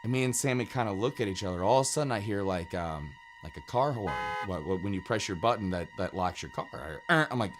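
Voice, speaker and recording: A middle-aged man telling his own ghost story in a casual, animated way, with many fillers and restarts. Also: on the low side, quick pace, over music.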